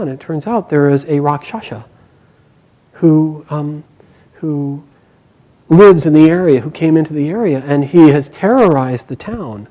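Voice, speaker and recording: Lively, chuckling male storyteller. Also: fairly high pitch, moderate pace, low-quality recording. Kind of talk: oral storytelling to a live group.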